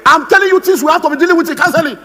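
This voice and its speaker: A man's voice: very high-pitched, racing, pushed and bright, big-room sound. A man with a Nigerian English accent, giving a humorous, theatrical seminar talk as a motivational speaker, acting out the voices he quotes. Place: conference hall on stage.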